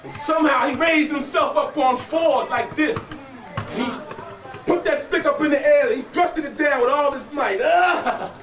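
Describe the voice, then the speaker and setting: A male storyteller with a very high-pitched voice performs a folk tale live, building rhythm and calling out for his audience to answer. The sound is roomy and echoing, caught from a distance. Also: moderate pace, fairly bright tone. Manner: dramatic, rhythmic call-and-response with listeners. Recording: echoey room, voice from far off.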